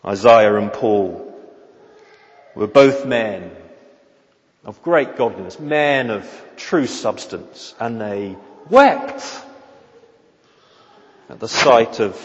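A man preaching an expository sermon, slow and earnest, often repeating words as he searches for the next phrase. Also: medium pitch. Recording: dull audio with long hall reverb.

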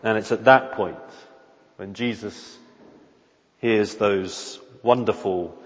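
A man's voice: lowish voice, slow. A man pastor preaching a sermon, earnest and emphatic, repeating phrases and restarting his sentences. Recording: dull lo-fi sound with long hall reverb.

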